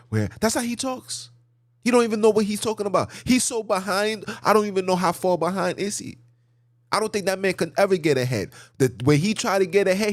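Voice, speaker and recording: A podcast host rants in an emphatic, sermon-like way and hammers each point through repetition. His voice sits a little high for a man and swings widely in pitch. The sound is close and dry, with no room echo. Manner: preachy, emphatic, repetitive lists. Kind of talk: ranting commentary monologue.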